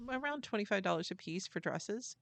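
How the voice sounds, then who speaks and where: A woman's voice: medium pitch, lively intonation, brisk, gravelly, dry recording. A middle-aged American woman co-hosting a casual podcast chat, talking loosely with fillers and restarts. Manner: chatty, trails off with fillers and restarts. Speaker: podcast co-host, mother.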